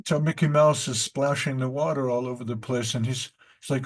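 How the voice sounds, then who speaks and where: A man's voice: medium pitch, steady tone, brisk. A man teaching a devotional study class, telling stories in a rambling way with many fillers and asides. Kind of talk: unhurried spiritual class talk with stories.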